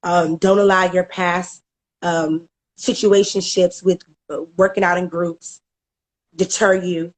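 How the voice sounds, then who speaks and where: A woman's voice: on the low side, level tone, slow pace. A middle-aged woman, giving a candid personal testimonial about a coaching program, often repeating words and laughing as she goes.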